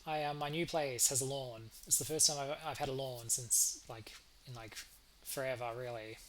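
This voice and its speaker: A man's voice: medium pitch, steady tone, moderate pace, slight background noise, poor audio. A man casually commenting on a game he plays, rambling and hesitant, with playful asides. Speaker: game developer, let's play host. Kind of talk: casual let's play commentary.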